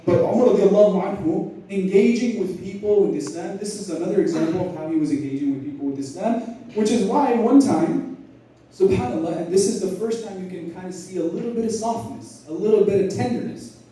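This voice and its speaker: A man giving a lecture as an animated storyteller, acting out the dialogue and laughing often. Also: high-pitched, fairly quick. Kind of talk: lecture retelling history in casual slang. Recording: echoey hall, mic at a distance.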